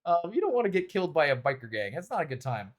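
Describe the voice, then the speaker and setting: Still streaming and bantering with his viewers, the gamer talks fast in a fairly high, sing-song voice. He laughs often, curses freely, and jokingly defends himself.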